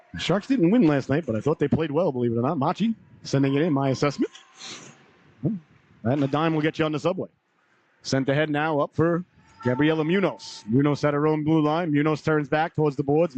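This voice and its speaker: Slightly hoarse male hockey announcer, higher pitch, brisk calls, dull lo-fi stream sound. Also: a little mellow. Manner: brisk name-by-name calls with folksy asides. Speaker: play-by-play announcer. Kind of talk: live hockey commentary.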